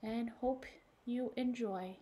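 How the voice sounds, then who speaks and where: A woman who is a children's librarian, reading a picture book aloud in an animated way and asking questions of a child listener. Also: a little high, slow.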